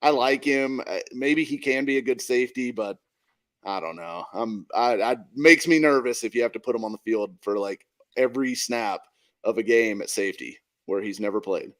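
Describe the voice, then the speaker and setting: A man's voice: medium pitch, normal speed, a bit bright. A man co-hosting a casual sports podcast, easygoing and agreeable, swearing casually as he talks football. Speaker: podcast co-host.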